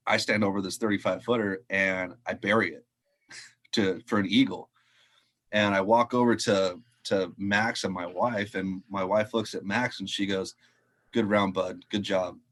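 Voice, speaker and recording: A man, a head golf professional, telling a story casually in an interview, animated and acting out quotes, laughing often. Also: on the low side.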